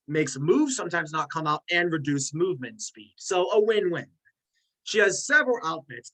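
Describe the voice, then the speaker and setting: A host in casual chat who runs through a ranked list of fictional characters, rambling into tangents and quick self-mocking asides. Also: mid-range voice, a bit bright, low-quality recording.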